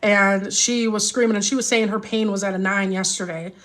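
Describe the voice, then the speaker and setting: This woman's medium-pitched voice is steady and a bit bright, and she speaks fairly quickly. A mother and vlogger in a casual live chat, she rambles anxiously with lots of restarts, upset and nearly in tears.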